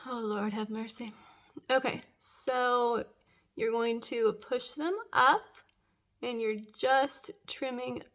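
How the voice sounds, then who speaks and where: Young adult woman, waxing pro, casual how-to, chatty with nervous laughs, slightly high pitch. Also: steady tone, extremely slow, pauses often, fairly bright tone. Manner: drops to a whisper while waxing herself. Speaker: waxing professional. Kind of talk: casual tutorial.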